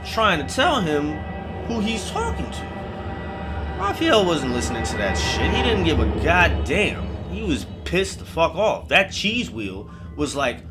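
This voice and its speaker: A man's voice: on the high side, wildly swooping pitch, a little slow. Guy telling a story all casual and cussing, voice jumps around a lot, music playing behind. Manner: casual, profane, rambling asides. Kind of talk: comedic storytelling.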